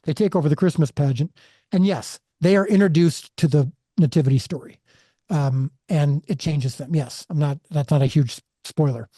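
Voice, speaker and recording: A man's voice: a little high, moderate pace, dark tone, no echo, clean studio sound. A man guest on a podcast interview, telling a personal story earnestly and with animation, often restarting his sentences. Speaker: filmmaker guest.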